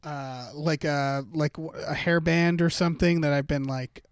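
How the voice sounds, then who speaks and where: A man's voice: on the high side, fairly even intonation, moderate pace, smooth, no echo, clean studio sound. A man co-hosting a podcast, improvising a comic story with lots of fillers and hesitations. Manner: rambling, hesitant, filler-heavy narration. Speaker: podcast co-host. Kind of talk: improvised comedic storytelling game.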